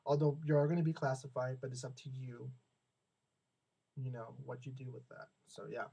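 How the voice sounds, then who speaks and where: A man's voice: mid-range voice, fairly even intonation, moderate pace, vocal fry, mellow, slightly rough, muffled recording. A young American man venting in a casual, rambling monologue. He often repeats and restarts his words and acts out the people he quotes. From United States. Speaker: vlogger.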